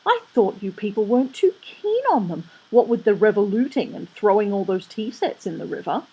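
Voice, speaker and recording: A woman's voice: mid-range voice, big pitch swings, mellow, slightly rough, dull audio. A woman voicing a chattering, flustered middle-aged nun who is eager to please. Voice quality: prattling, hurried.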